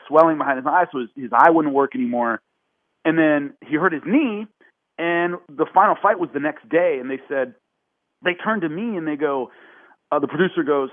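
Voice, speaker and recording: A man telling a story as a podcast guest, acting out quotes in a raised voice. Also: no room sound. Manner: animated, acts out quotes with raised pitch. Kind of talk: casual storytelling. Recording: phone-like narrow band.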